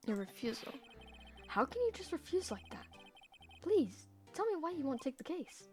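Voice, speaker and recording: A woman's voice: high voice, big pitch swings, normal speed, darkish tone, faint music behind. A woman playing through a game, reading the hero's lines and commenting playfully. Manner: playful, voices all the parts. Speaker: game streamer. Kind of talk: voice-acting a game playthrough.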